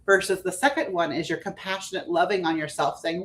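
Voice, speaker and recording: A woman guesting as a spiritual life coach on a podcast, talking in a gentle, earnest, reflective way. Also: lowish voice, steady tone, fairly quick. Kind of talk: podcast conversation.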